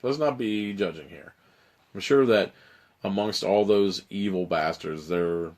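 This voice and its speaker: A man with a fairly low voice reads an adventure gamebook aloud for a live audience. His narration keeps breaking into wry, irreverent asides and offhand swearing. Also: a little slow, a little mellow. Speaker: livestream host reading an adventure gamebook. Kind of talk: reading aloud with joking asides.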